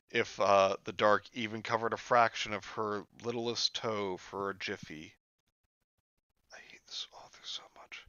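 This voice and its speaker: A man's voice: fairly low pitch, sharp tone, clean tone, no echo, lo-fi sound. A man co-hosting a podcast, reading a horror story aloud with sarcastic asides. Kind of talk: casual read-along with jokes.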